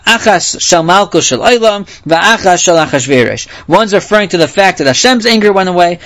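High-voiced man teaching Talmud. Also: fairly bright tone. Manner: full of Hebrew terms, restarts and throat-clearing. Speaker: Torah teacher. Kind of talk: Talmud lesson with a parable.

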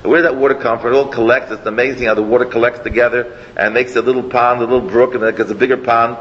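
A man teaching a Torah class as a rabbi, animated and rambling, sprinkling Hebrew and Yiddish words into his talk. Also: medium pitch, very fast. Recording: long hall echo, dull lo-fi, faint noise.

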